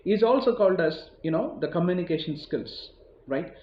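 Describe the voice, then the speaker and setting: A man's voice: high-pitched, lively intonation, moderate pace, slight background noise. A man with an Indian accent giving a motivational talk, rambling and conversational, full of "you know" and repeated phrases. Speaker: motivational speaker. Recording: roomy, dull lo-fi recording.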